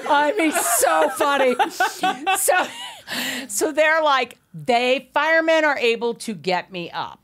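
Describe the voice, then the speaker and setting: Middle-aged woman, animated storytelling, frequent laughter, salty language. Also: high voice, slow pace. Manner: laughs often, swears, acts out quotes. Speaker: podcast guest.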